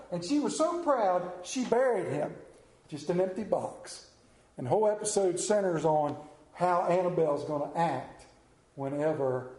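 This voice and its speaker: A man's voice: sits high, warm tone. A man telling a story in a folksy, heartfelt way. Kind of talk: retelling a TV episode to an audience. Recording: roomy echo.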